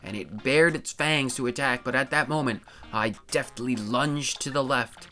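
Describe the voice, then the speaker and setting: Boastful plumber hero, voiced by a male streamer with a put-on accent, bright tone, soft music under it. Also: medium pitch, normal speed, lightly acted. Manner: tries for an Italian-style accent, bragging storytelling. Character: boastful adult male plumber hero, tall-tale teller. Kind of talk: reading game dialogue on a live stream.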